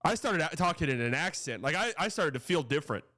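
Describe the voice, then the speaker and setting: A man's voice: on the high side, lively intonation, fast, bright, forceful tone, no echo, studio quality. A man hosting a casual sports reaction show, talking in a loose, profane, rambling way.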